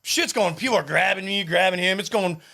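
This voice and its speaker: A man and tattoo artist telling an animated, profane story in a casual podcast chat, acting out the people in it. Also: sits high, brisk, creaky. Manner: animated, profane, acts out the people in his stories.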